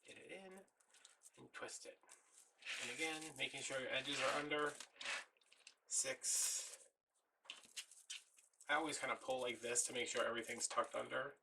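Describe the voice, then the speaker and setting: A man's voice: medium pitch, steady tone, moderate pace, gravelly, long pauses, distant mic, heavy background noise. A man, a little out of breath, chatting casually while walking through a craft step by step. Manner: chatty, folksy, talks while working. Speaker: craft tutorial host.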